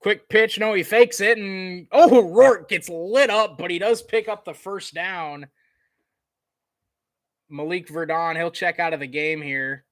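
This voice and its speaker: A man giving casual live play-by-play commentary on a college football game, chatty, with fillers, getting excited on big plays. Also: high-pitched, a little slow, no room sound, clean studio sound.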